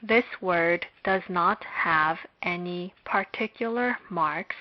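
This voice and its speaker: A woman giving a slow, scripted lecture on Hebrew, speaking in a measured, deliberate way with long pauses. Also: lowish voice. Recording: dull lo-fi recording.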